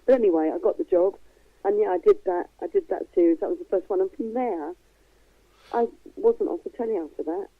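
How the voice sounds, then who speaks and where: A middle-aged woman with a softened East London accent talks in a frank, chatty way, laughing easily. She comes through a tinny phone-like line. The sound is dry, with no room around it. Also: fairly low pitch, brisk, no room sound. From East London, England. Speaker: guest. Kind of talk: casual chat.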